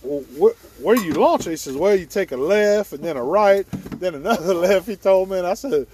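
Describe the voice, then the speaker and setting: A man's voice: high-pitched, lively intonation, moderate pace, a little mellow, a little hiss or hum. A man, hosting a hunting video and telling a story outdoors with frequent laughter. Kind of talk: casual storytelling. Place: outdoors at a boat launch before dawn.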